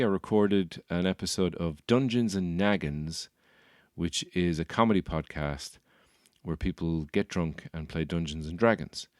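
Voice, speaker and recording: A man's voice: low-pitched, no room sound, studio quality. A man with a Dublin Irish accent, a comedian hosting his podcast, rambling on in a wry, self-mocking way. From Ireland. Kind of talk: comic podcast monologue.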